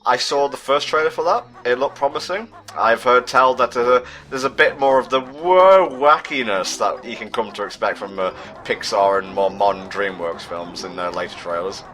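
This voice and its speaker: A man's voice: mid-range voice, moderate pace, few pauses, bright, forceful tone. A British man giving casual, sardonic commentary on a game he plays, often stumbling as he hunts for words. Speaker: let's play commentator.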